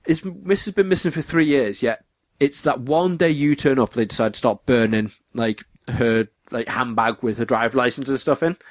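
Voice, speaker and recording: A man's voice: mid-range voice, moderate pace, few pauses, no echo. A young man chatting animatedly about video games, acting out characters in raised voices.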